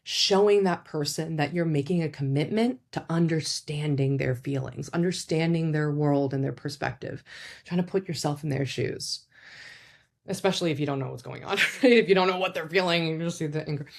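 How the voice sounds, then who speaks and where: A woman's voice: sits low, moderate pace, gravelly. A woman explaining things to family members in a casual, chatty way, often adding "like" and "right?". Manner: chatty, lots of "like" and "right?", animated demonstrations. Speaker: psychologist host. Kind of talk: casual educational talk.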